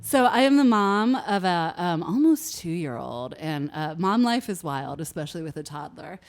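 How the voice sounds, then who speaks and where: A woman's voice: on the low side, expressive, moderate pace. A woman singer-songwriter chatting casually between songs on a livestream, laughing often. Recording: guitar music behind the voice.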